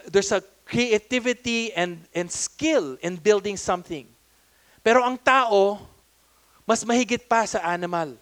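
A man with a Filipino accent preaches a sermon in a relaxed, conversational way. His voice sits high and sounds smooth and clear. He often restarts and repeats words as he talks. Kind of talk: sermon mixing English and Tagalog.

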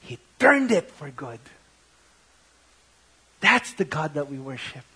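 A young Filipino man preaching a sermon, mixing English and Tagalog and swinging between loud outbursts and hushed, intimate tones. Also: on the high side, very animated, takes it slowly, breathy edge. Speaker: pastor.

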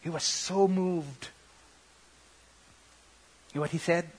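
A young Filipino man preaching a sermon, mixing English and Tagalog and swinging between loud outbursts and hushed, intimate tones. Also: a little high, fairly even intonation, slow, slightly rough. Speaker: pastor.

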